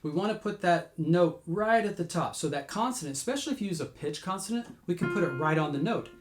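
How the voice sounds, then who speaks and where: Man teaching vocal warm-ups in an echoey room. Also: lively intonation, fast talker, faint music behind. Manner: explains patiently, breaks into high sung demos. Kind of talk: vocal lesson with sung demonstrations.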